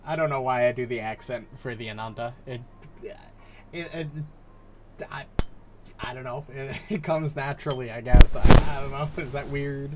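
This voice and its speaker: A man's voice: medium pitch, normal speed, darkish tone, slight background noise. A young man chatting casually while streaming a game, rambling and restarting his sentences. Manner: rambling, self-interrupting, laughs at the game. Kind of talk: casual live gameplay chat.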